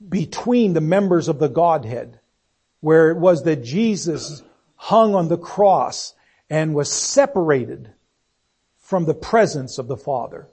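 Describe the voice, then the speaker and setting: A man's voice: on the high side, darkish tone, breathy edge. A man preaching a sermon, earnest and searching, posing one rhetorical question after another and letting his voice sink on solemn phrases.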